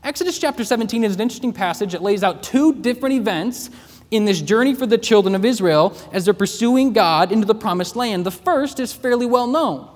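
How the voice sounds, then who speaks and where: A man preaching a sermon to college students, with emphatic delivery and dramatic pauses. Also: sits high, animated. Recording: long hall reverb.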